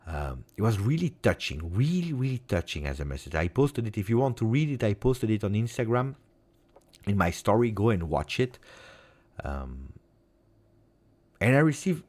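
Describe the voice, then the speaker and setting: A man with an Italian accent chatting on his own live stream, his voice low in pitch but very lively in its rise and fall. He talks in an emotional, heartfelt way, repeating words and moving between loud bursts and near-whispers. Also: normal speed. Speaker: football fan channel host. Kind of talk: casual live-stream chat.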